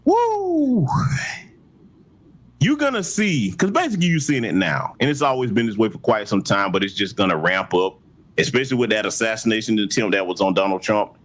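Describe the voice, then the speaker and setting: Brief: male commentary host, animated and sarcastic, wide-swinging pitch. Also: fast. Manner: mocking, preachy, talks back to clips. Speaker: host commenting on political clips.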